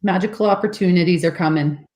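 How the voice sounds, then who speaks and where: Lady reading spiritual messages, earnest and kinda repetitive, lowish voice. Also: quick pace, darkish tone, poor audio. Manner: earnest, repetitive, encouraging phrasing. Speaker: co-reader giving card messages.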